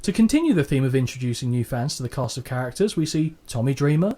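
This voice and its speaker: A man's voice: medium pitch, fast. A man co-hosting a casual podcast, joking and swearing as he reviews an old show. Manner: sweary, jokey, animated. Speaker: podcast co-host. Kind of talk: casual chat.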